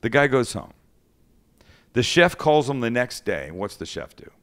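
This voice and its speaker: A man hosting a casual chat, telling a story in a lively way, acting out the people he quotes and swearing freely. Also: medium pitch, a little slow. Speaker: host.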